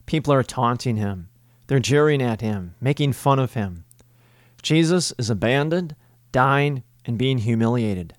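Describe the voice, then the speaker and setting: A man giving a homily as a priest, speaking in a measured, emphatic way with deliberate pauses. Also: medium pitch, no echo, studio quality.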